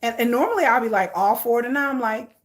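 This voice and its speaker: High, lively, laughing woman vlogger. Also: fast. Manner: laughs often, playful and chatty. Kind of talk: casual chat with viewers.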